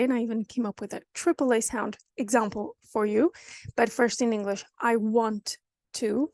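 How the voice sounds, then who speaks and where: A woman with a European Portuguese accent teaches pronunciation in a video lesson. Her voice sits fairly high and comes across dry, with almost no room sound. She explains things plainly and speaks straight to the learner. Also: darkish tone, no echo. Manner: explanatory, direct, addresses the learner. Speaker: language teacher.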